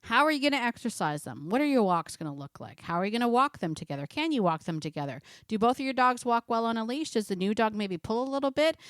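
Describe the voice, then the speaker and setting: A middle-aged woman talks through dog training in a lively, conversational way, asking listeners question after question. Her voice sits at an ordinary pitch for a woman and is recorded dry and close, with no room echo. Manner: lively, conversational, asks many rhetorical questions. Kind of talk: casual instructional talk to camera.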